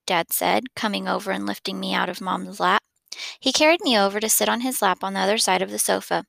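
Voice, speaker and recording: A woman reading a children's novel aloud in a gentle storytelling manner, now and then slipping and restarting a word. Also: mid-range voice, steady tone, normal speed, creaky, dry recording. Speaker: reader.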